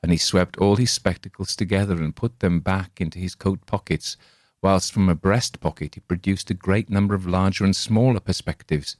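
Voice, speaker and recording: Man, audiobook narration, measured and expressive, very deep voice, dry sound. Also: no room sound. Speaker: audiobook reader. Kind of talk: scripted narration of a classic tale.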